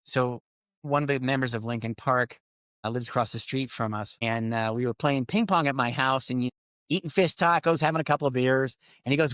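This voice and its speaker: A middle-aged man telling business stories in a casual interview, acting out quoted lines with lively swings. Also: medium pitch, fairly quick, dry recording. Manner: animated storyteller, acts out quoted lines. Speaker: podcast guest.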